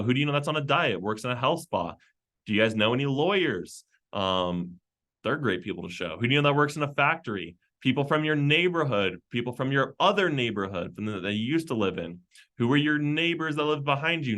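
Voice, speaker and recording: Man, team leader, rapid-fire questions, bright voice, casual meeting talk. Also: medium pitch. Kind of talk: brainstorming prompts at a team meeting.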